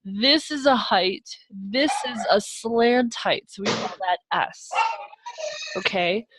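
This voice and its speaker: A woman's voice: mid-range voice, slow, very noisy. A young adult woman teacher giving a live online math lesson over a video call, upbeat and encouraging, with chatty asides to her students. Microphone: video call microphone.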